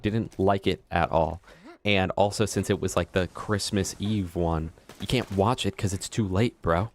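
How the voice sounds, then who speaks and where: A man's voice: deep voice, a little slow, a little hiss or hum. A young adult man streaming gameplay, rambling and joking with his chat. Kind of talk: casual live gameplay commentary.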